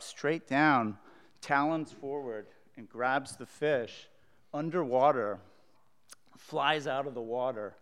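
A man telling a story to a live audience, relaxed and pausing often. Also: medium pitch, clear, resonant tone, big-room sound. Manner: relaxed, hesitant with fillers. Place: small hall with a live audience.

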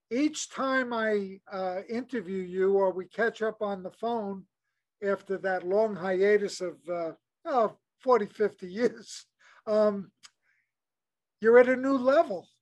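An older man hosting a podcast interview in a jovial, easygoing way. He talks in halting stretches, full of "uh"s and restarts, as he greets his guest. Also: high-pitched. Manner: jovial, halting with many fillers. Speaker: podcast host. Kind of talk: casual interview.

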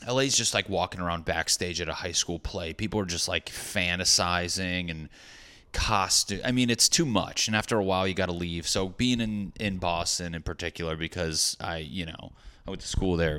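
A man's voice: sits low, steady tone, moderate pace, bright, forceful tone, clean tone. A young adult man, a stand-up comedian, rambling through a profane, jokey casual monologue to his viewers.

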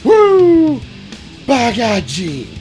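A man's voice: very high voice, wildly swooping pitch, very slow, music in the background, pitched above the performer's own voice, heavily acted. A man doing a whooping, strutting wrestler. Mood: boastful whooping. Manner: yelling, whooping, boastful. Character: flamboyant strutting male pro wrestler, boastful.

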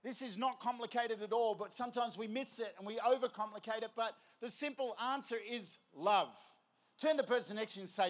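A man preaching an energetic sermon, telling lively stories and prompting the crowd. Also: extremely high pitch, normal speed. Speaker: youth preacher.

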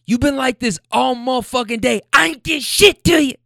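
A man voicing a furious young woman screaming at her partner in the street, shrill and yelling at the top of her lungs. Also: moderate pace, vocal fry, no echo, studio quality, exaggerated voice.

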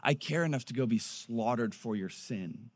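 A man voicing a calm male teacher who answers a complaint in a low, measured, gently ironic tone. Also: lightly acted. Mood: gently chiding.

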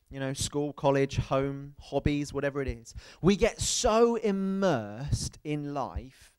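A man preaching a sermon in a church, telling stories in a lively way and often checking with the congregation. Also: on the high side. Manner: lively storytelling, asks the crowd "right?". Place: church hall.

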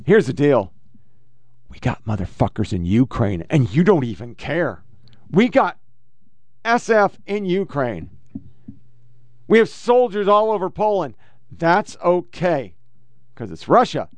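Male podcast host, angry swearing commentary, slightly higher voice, crisp and dry. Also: sing-song, unhurried, long pauses, no echo. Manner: profane, heated, reads posts aloud. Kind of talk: ranting political commentary.

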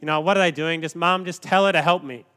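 A man's voice: a little high, steady tone, quick pace, pushed and bright, pitched above the performer's own voice. A man preacher voicing a frazzled, exasperated woman who complains that her sister leaves her all the work. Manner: pleading, indignant, raised voice.

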